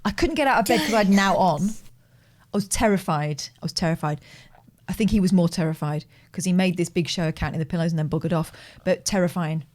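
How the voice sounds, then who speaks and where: Woman co-host, lower voice, dry humour, chatty storyteller. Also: fast, a little mellow. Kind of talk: casual chat, storytelling.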